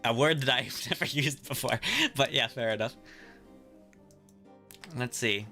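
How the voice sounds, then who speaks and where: A male streamer with a bright, forceful voice reads each character's dialogue aloud as he plays. He cracks jokes and laughs often between the lines, with faint music underneath. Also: medium pitch, a little slow, pauses often. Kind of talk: casual playthrough with voiced reading.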